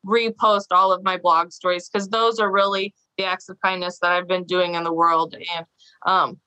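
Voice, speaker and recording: A woman's voice: lowish voice, little pitch movement, normal speed, bright, forceful tone, clean tone, low-quality recording. A woman guest on a casual podcast interview, bubbly and laughing often, acting out quoted voices as she tells her story. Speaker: podcast guest, small business owner.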